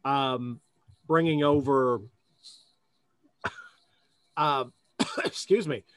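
A man's voice: medium pitch, steady tone, very slow, fairly bright tone, clean tone, no room sound. A man co-hosting a podcast, chatting casually and rambling with restarts and jokes. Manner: rambling, self-correcting, jokey. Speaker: podcast co-host. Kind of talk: casual chat.

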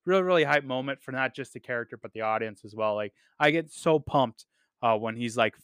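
Guy podcasting, casual and hyped, cusses a lot, smooth clear voice, dry sound. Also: medium pitch, brisk, a bit bright, no echo. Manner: enthusiastic, profane, with frequent fillers and repeats. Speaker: podcast host reviewing a TV series. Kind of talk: casual unscripted review talk.

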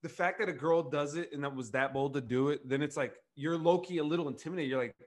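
A man's voice: on the high side, fast talker. A young man co-hosting a podcast, talking loosely with lots of fillers and swearing. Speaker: podcast co-host. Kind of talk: casual chat.

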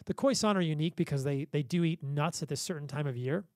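A man with a fairly high voice talks casually as a physician guest on a podcast. He tells lively stories and laughs often, and the sound is close and dry, with no room echo. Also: fast talker. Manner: enthusiastic storyteller with frequent laughs.

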